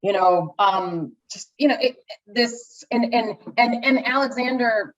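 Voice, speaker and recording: A fairly high-voiced woman chatting casually about movies, gushing and rambling as she keeps restarting her sentences. The audio is a bit dull and lo-fi. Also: slow pace. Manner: gushing, rambling with many restarts and acted-out asides. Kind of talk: casual movie review chat.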